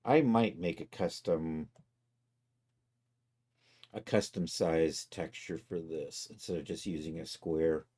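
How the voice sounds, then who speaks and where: A man's voice: rumbling low, slow pace, long pauses, warm tone, slightly rough. A man streaming live, chatting casually and thinking aloud as he wraps up and looks for a channel to raid. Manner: easygoing, thinks aloud while clicking around.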